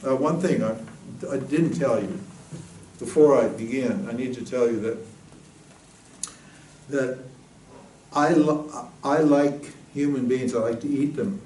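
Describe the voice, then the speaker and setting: A man's voice: mid-range voice, a little slow, pauses often, dark tone, slight background noise, natural voice. Man doing a cheerful man-eating genie. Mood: matter-of-fact. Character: huge muscular male genie who eats people. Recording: roomy, distant mic, faint ambience.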